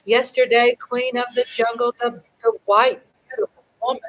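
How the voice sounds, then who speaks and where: A middle-aged woman hosting a casual livestream, talking in a lively, chatty way and swinging from loud cheering to low asides. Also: normal speed, low-quality recording. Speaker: livestream host.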